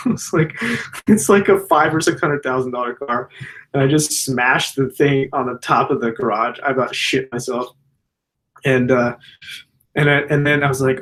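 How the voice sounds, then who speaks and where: A man's voice: mid-range voice, moderate pace, pauses often, a bit bright. Laid-back, swearing male surgeon host. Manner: profane, loose storytelling. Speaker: general surgeon hosting a Q&A. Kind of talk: casual Q&A chat.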